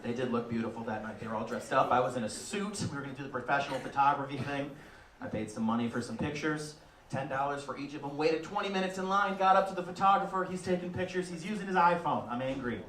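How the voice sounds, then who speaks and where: A young adult man doing a stand-up comedy set on a club stage, deadpan with sudden loud outbursts. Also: fairly high pitch, quick pace, far from the mic. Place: comedy club stage before a live audience. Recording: roomy live club sound, from the back, audience laughter.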